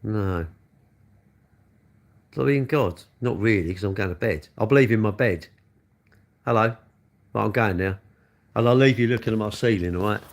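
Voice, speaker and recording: A man's voice: on the low side, normal speed, long pauses. A middle-aged man chatting loosely and self-mockingly on a late-night livestream from his bedroom, talking into his phone. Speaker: livestream host.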